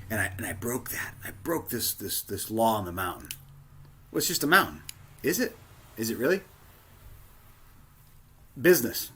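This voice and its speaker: A man delivering a sermon as a lively, story-driven talk. His voice is bright and a little husky, and his pitch swings widely as he acts out the conversations he describes. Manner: animated, acts out dialogue with big pitch jumps. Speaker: pastor.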